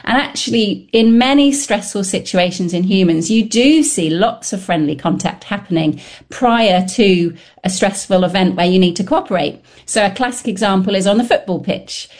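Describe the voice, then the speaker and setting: A woman scientist answering questions in an interview, explaining her findings in a lively, engaged way. Her voice sits at a middle pitch. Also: moderate pace. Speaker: scientist guest.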